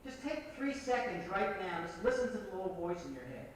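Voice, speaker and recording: A man giving an animated workshop lecture, repeating points and directing the audience, recorded from far off on old reel tape in an echoey hall. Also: high-pitched, a little fast, a little hiss or hum. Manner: animated, repetitive, coaching the audience.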